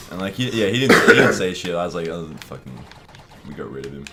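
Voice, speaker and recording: A man's voice: low voice, a little fast, background noise. A young Australian man co-hosting a casual gaming chat, telling a story with lots of swearing and acted-out voices. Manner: animated, swearing, acts out voices in his stories. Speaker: co-host.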